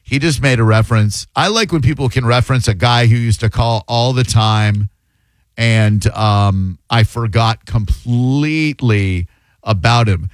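A man's voice: mid-range voice, a little slow, no echo. A man hosting a sports talk radio show, chatting loosely and rambling, often restarting his words. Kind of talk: casual radio banter.

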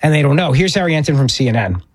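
A man's voice: a little high, big pitch swings, very fast, husky, no room sound. A man hosting a political talk radio show, delivering an opinionated monologue and repeating words for emphasis. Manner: emphatic, repeats words when pressing a point.

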